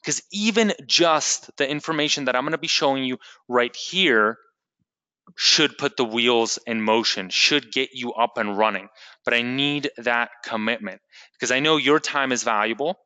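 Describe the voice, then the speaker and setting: Bright, crisp male webinar presenter, eager salesy pitch, speaks directly to viewers, dry close sound. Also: no echo. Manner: enthusiastic, salesy, talks straight to the audience. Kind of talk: live sales webinar teaching.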